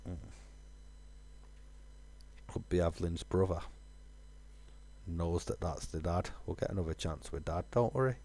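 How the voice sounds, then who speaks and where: Man, deep-ish voice, casual rambling game commentary, lots of fillers. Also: unhurried, pauses often, warm tone. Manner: rambling, musing aloud with fillers. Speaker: gaming streamer. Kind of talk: casual let's-play commentary.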